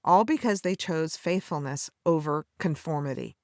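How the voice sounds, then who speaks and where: A woman's voice: deep voice, lively intonation, moderate pace, dry recording, studio quality. A woman podcast host giving a scripted devotional Bible teaching, speaking tenderly to the listener as a friend and telling the story with a dramatic cadence.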